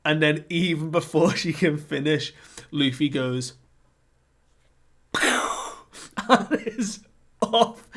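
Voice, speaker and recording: A man casually recapping a manga chapter, animated and often laughing, with lots of fillers. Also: mid-range voice. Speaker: manga reviewer. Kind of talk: casual recap with acted quotes.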